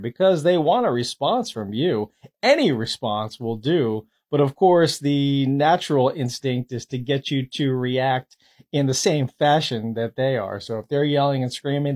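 Therapist man, middle-pitched, calm and soft-spoken, direct-to-camera advice. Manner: calm, soft-spoken, easy pace with pauses. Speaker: therapist giving tips. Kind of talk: short advice video to camera.

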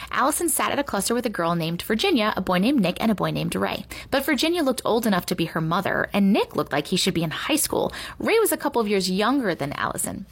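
A woman reading a children's chapter book aloud with expressive storytelling. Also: medium pitch, slightly rough. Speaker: reader.

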